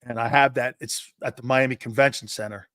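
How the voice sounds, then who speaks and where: A man's voice: medium pitch, steady tone, brisk, fairly bright tone, dry recording, studio quality. A man in his fifties hosting a sports talk show, telling rambling anecdotes with restarts and the odd curse word. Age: 50s. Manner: rambling, digressive, with restarts and profanity. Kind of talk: casual anecdotal storytelling monologue.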